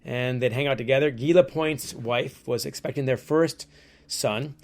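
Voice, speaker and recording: A man, an author interviewed as a guest, telling stories in a lively way and acting out quotes. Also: medium pitch, normal speed. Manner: lively storyteller who acts out quotes. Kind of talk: storytelling interview.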